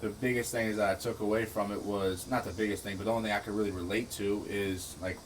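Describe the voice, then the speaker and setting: A young man with a lowish voice hosts in an easy, casual way. He often restarts his sentences and leans on fillers like "like" and "I mean". A faint hiss sits under his voice. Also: fairly even intonation, fast, rough recording. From St. Bernard Parish, Louisiana. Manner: loose, starts over often, says "like" and "I mean" a lot. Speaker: podcast host. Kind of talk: casual chat.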